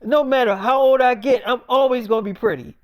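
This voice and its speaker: A vain, threatening celebrity woman, put on by a man in an improvised comic monologue. She swaggers, swears and talks down to her rival in a high voice. The sound is dry and close, with no room around it. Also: fairly quick, no room sound. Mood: bossy. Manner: swaggering, profane, talks down to the listener.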